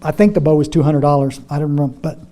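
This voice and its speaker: A man's voice: on the high side, steady tone, racing, dark tone. An older man speaking to a recovery group, folksy and repeating words as he tells his story. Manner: folksy, repeats words, addresses audience as y'all. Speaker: AA step study speaker.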